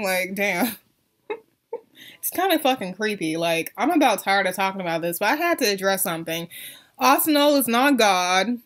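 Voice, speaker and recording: A woman's voice: mid-range voice, a bit bright. A woman vlogger ranting on camera, blunt and profane, with lots of "like" and "um" fillers. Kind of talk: ranting vlog.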